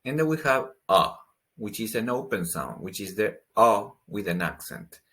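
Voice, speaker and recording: A man's voice: fairly low pitch, lively intonation, normal speed, fairly bright tone. A man teaching pronunciation in a patient way, saying each word twice and explaining the sounds. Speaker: language teacher. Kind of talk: slow pronunciation lesson.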